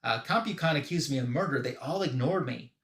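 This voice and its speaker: A man's voice: mid-range voice, animated, a little fast, a bit bright. A man voicing a frustrated professor whose inventions get ignored, in a casual comic-book retelling. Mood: aggrieved. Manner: indignant, pleading. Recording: roomy echo.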